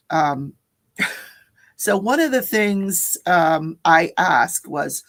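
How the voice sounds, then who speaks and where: A woman's voice: lowish voice, creaky, husky. A woman hosting a casual livestream, chatting about a court case, laughing often and greeting viewers in the chat. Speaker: livestream host.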